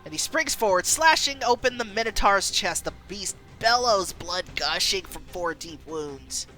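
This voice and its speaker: A woman streamer reading a story game aloud, expressive and quick to laugh. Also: mid-range voice, soft background music. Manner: expressive, laughs between lines.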